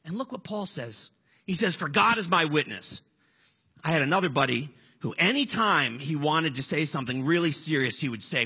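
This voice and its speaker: A man's voice: fairly high pitch, lively intonation, brisk, bright, forceful tone, husky. A man in his forties preaching a sermon in a conversational, storytelling way, earnest and direct. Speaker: pastor.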